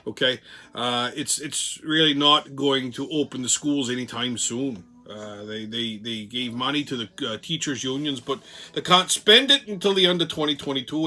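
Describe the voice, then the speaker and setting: Irish pundit voice, whimsical brogue, profane rant, bright tone, as a man puts it on. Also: mid-range voice, moderate pace, close to an everyday voice. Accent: put-on Irish. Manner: profane, ranting. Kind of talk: political commentary rant.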